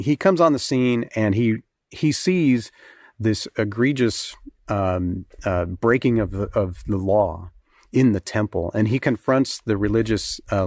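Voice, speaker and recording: A man's voice: on the low side, a little mellow, no room sound, studio quality. A man preaching a conversational sermon, reading scripture and talking earnestly with fillers and restarts.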